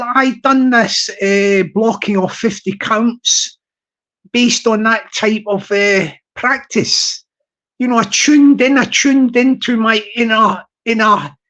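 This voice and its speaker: A live stream host with a Scottish accent chats casually and playfully with viewers, rambling through effusive shout-outs and chuckling often. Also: mid-range voice, fairly even intonation, takes it slowly. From Scotland.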